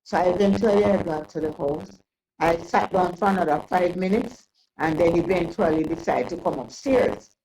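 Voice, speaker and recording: Halting, gravelly older woman storyteller. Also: lowish voice, dark tone, low-quality recording. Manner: rambling, halting, with many restarts and prayers. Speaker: interview guest. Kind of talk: casual storytelling.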